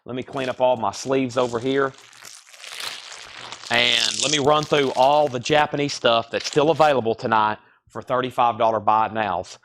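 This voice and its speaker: A man hosts a live vinyl sale from inside a record store. He talks at an ordinary mid pitch in easygoing sales patter, rattling off album titles and prices as he walks the shop floor. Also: moderate pace, a bit bright, slight background noise.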